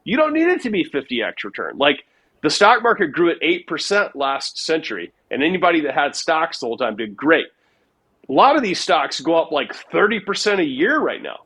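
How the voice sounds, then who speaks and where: Male interview guest, slightly high voice, rambling and animated delivery, casual. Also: a little fast, breathy edge. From United States. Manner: rambling, animated storyteller, heavy filler words. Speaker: guest investor.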